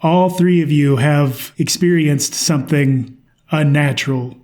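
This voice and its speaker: A man voicing a calm, formal male government recruiter in a suit. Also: a little high, a little slow, close to an everyday voice.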